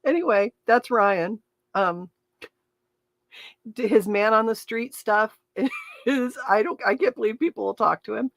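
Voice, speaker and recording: Gravelly woman hosting a livestream. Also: on the high side, measured pace, pauses often, dry recording. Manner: chatty, laughing, talks to viewers. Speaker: livestream host. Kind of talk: casual livestream chat.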